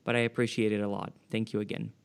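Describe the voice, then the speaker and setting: A male podcast host talks in a casual, lively way, reacting warmly to his guest's stories. He keeps his delivery relaxed and conversational. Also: fairly low pitch, fast talker, creaky, clear, resonant tone. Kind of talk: casual interview chat.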